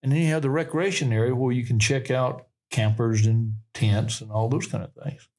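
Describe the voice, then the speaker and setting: A man's voice: medium pitch, fairly even intonation, moderate pace, warm tone. An older man with a Southern US accent, telling folksy, rambling stories of his past as a podcast guest. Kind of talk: storytelling in a podcast interview.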